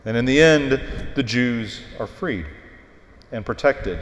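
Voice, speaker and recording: A man preaching a sermon in a church, retelling a story with animated, emphatic delivery. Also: medium pitch, takes it slowly, slight background noise. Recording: echoey hall with long reverb.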